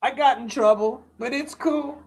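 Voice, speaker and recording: A man's voice: very high voice, normal speed. A man hosting a live stream, telling rambling stories with lots of swearing and slang. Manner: profane, slangy, rants full of "bro" and "dude". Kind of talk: casual rambling storytelling.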